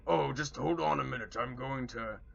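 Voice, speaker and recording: A man's voice: medium pitch, normal speed, creaky. A man voicing a scheming sorcerer who bluffs in a put-on orc voice. The recording is dull and lo-fi. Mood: sly.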